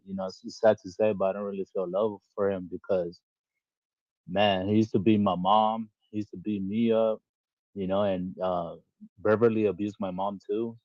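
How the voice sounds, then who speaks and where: Podcast co-host, man, lowish voice, candid and profane, dry muffled recording. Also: a little mellow, dry recording. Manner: blunt, profane, rambling with many fillers. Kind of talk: candid casual chat. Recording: dull, dry lo-fi audio.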